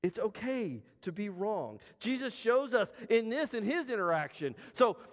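A man preaching a sermon as pastor, talking in a conversational way with emphatic pauses. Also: sits high, very animated, big-room sound.

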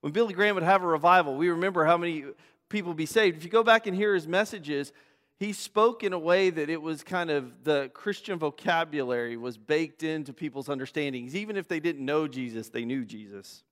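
A man's voice: fairly high pitch, fairly quick, a bit bright. A man pastor delivering a sermon with prayer and scripture reading, earnest, with fillers and restarts. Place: church sanctuary. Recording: long church reverb.

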